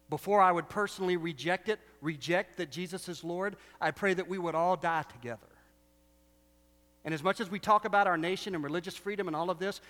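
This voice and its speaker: In a reverberant church sanctuary, a pastor delivers a conversational sermon full of rhetorical questions. He has a high voice with a fairly bright tone, and the sound carries a long hall reverb.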